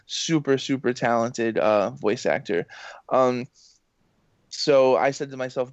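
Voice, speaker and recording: Guy on a podcast rambling excitedly, mid pitch, kinda muffled dry audio. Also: slow, no room sound. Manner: excitable, rambling, lots of fillers and acted-out quotes. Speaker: voice actor and games journalist guest. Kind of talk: casual podcast storytelling.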